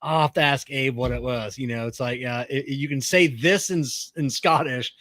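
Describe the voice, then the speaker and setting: A man's voice: medium pitch, moderate pace, fairly bright tone, no room sound, studio quality. A man co-hosting a podcast in casual chat, telling rambling stories and laughing often. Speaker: podcast co-host.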